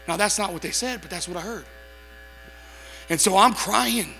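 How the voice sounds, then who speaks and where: A man preaching in a storytelling sermon, animated, acting out what people said and breaking into shouts. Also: high-pitched, normal speed, big-room sound, faint music behind. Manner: animated, acts out quotes, bursts into shouts.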